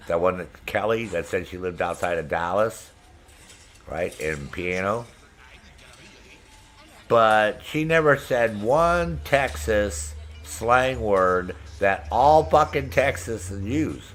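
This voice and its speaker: Over soft background music, a middle-aged man streams a game and banters with viewers, cursing freely, acting brash, and laughing often. His voice sits fairly low and is a bit bright, with lively intonation and a slow delivery.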